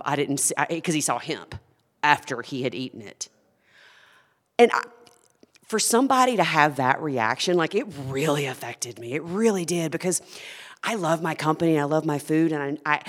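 A woman's voice: low-pitched, in a large hall. A woman who founded a food company, talking earnestly and with passion as a guest in a conversational interview.

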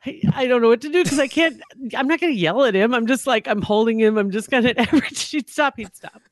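A man's voice: extremely high pitch, fast talker, no echo. A man co-hosting a podcast, telling a story in casual chat and acting out the scenes as he goes. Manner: animated storyteller, acts out screams. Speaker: podcast co-host.

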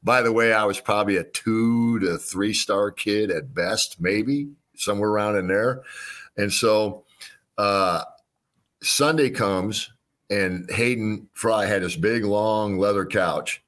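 A man's voice: on the low side, a bit bright. A man in his sixties from Illinois, a former quarterback telling folksy stories as a guest in an interview, with frequent restarts. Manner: folksy, unhurried storyteller with repeated restarts. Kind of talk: storytelling interview.

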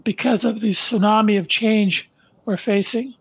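An older man from Canada, a podcast guest who speaks slowly and deliberately, stressing his points and then reading his life story aloud. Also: high voice, steady tone, gravelly, slightly rough, no echo, dull audio. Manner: slow, deliberate and emphatic.

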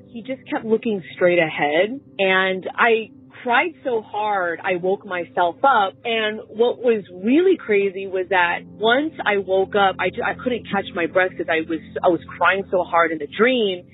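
A woman recounts a personal experience in a casual, heartfelt manner, pausing and restarting as she goes. Her voice sits in a middle range. It comes through a narrow, tinny phone line. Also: mid-range voice, breathy edge, faint music behind. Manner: earnest, halting, heartfelt retelling. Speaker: listener sharing a story.

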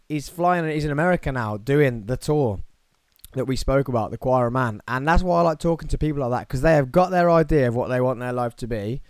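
Male podcast host, solo, excitable rambler, dead-dry studio sound, mid pitch. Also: dry recording. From United Kingdom. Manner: excitable, rambling, self-mocking. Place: his own small studio, alone.

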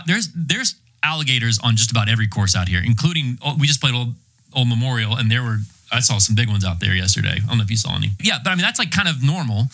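A young man from North Carolina hosting a golf podcast, telling stories in an excitable, animated way. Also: mid-range voice. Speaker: podcast host. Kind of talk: casual storytelling.

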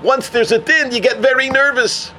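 A male rabbi teaches a Torah class through animated storytelling, sprinkling Yiddish and Hebrew terms through his English. His voice is unusually high and bright. A faint hiss sits underneath. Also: normal speed.

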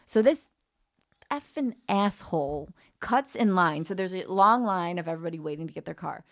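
A woman comedian telling a story on a podcast in a lively, profane way, acting out the people in it. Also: on the low side, moderate pace. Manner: animated storyteller who swears freely and acts out quoted people. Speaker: guest comedian.

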